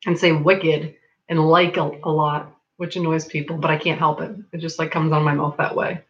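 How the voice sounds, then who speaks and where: On a livestream, a Massachusetts woman chats casually and reads comments, laughing often and peppering her speech with "like." Her local accent falls between Boston and Rhode Island. Her low-pitched voice moves little in pitch and comes fairly quick over a muffled recording.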